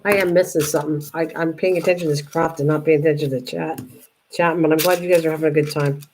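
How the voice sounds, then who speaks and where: An older woman with a lowish voice hosts a live crafting stream. She greets viewers by name in friendly bursts, then drops into quiet muttering to herself as she works. A faint hum of noise sits behind her. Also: steady tone, fast. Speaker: craft livestream host.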